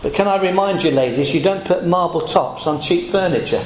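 A man preaching a sermon to a congregation, leaning hard on key phrases and repeating them slowly, with dry asides. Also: high voice, a crowd in the background. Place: church hall. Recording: echoey church hall.

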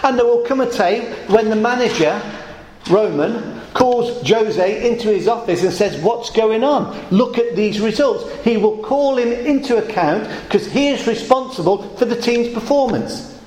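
A male pastor delivers a sermon with a fairly high voice. He moves between earnest teaching and jokey storytelling, pushing his pitch up for emphasis. The sound is roomy and echoey, with a faint hiss behind him. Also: measured pace, a little mellow. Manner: storytelling with jokes, rising emphasis. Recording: echoey room with faint noise.

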